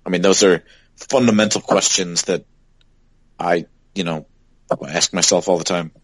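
A man's voice: low voice, fairly even intonation, moderate pace, husky, no room sound, poor audio. A man co-hosting a podcast in casual chat, talking thoughtfully and asking reflective questions. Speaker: podcast co-host.

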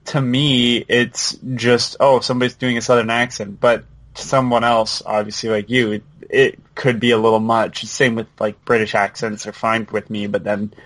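A man co-hosting a podcast, chatting casually and quickly about a video game with many asides. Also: lowish voice, flat delivery, fairly bright tone. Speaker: podcast co-host.

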